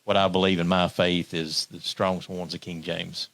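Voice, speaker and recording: A man from Tennessee answering interview questions, soft-spoken and brief. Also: sits low, flat delivery, normal speed, creaky, no room sound. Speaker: guest, business owner.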